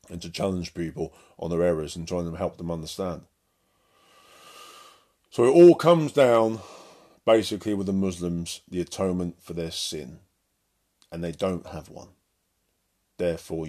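A man's voice: deep voice, warm tone. A man preaching as an evangelist in a blunt, combative monologue to his listeners.

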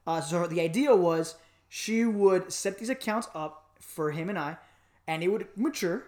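A man from Miami telling a personal story in a casual podcast chat, animated and joking, with lots of fillers. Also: high-pitched, unhurried. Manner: animated, joking, acts out voices, many fillers. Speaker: podcast co-host.

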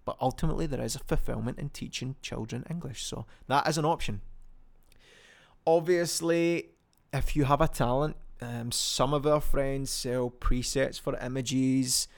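Gravelly Scottish man chatting casually. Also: mid-range voice, fairly even intonation, normal speed. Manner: chatty and rambling, lots of ums and self-corrections. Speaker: podcast host. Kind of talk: casual solo podcast chat.

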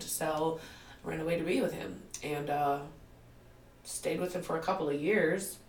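Her voice sits low and moves at a moderate pace, with slight background noise, as this woman in her forties tells her life story in a candid interview. As the guest, she's lively, laughs often, and acts out quotes, recorded roomily on a distant mic with faint ambience.

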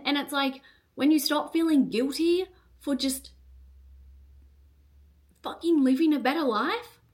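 A young woman business coach hosts a solo motivational podcast with a fiery, unfiltered delivery. Her voice is a little high, she swears often, and she strings sentences together with rapid "like" fillers.

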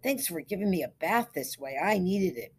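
A woman reading the part of a confused, gentle middle-aged eccentric man who speaks haltingly and repeats himself. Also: lowish voice, animated, a little hiss or hum, natural voice. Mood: quiet. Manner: halting, pleading, repeats words.

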